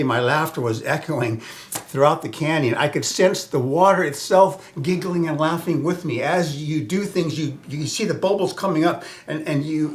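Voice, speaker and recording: A man from Southern California telling a personal story in a rambling way, full of restarts, fillers and soft whispered asides. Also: a little high.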